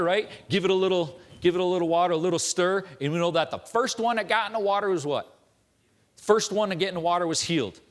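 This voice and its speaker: Guy preaching at church, chatty storytelling, kinda higher voice, keeps asking right?. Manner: conversational storytelling with rhetorical questions. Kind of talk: sermon.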